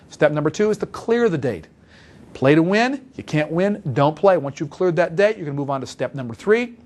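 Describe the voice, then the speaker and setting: A man's voice: a little high, darkish tone. A man giving an instructional talk as a sales trainer, coaching in an emphatic, repetitive way.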